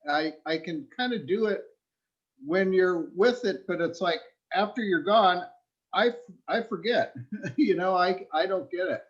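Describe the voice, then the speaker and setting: A man taking part in an online workshop, speaking hesitantly over a video call and halting with many fillers. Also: high voice. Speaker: workshop participant. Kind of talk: asking a question on a video call. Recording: dull lo-fi call audio.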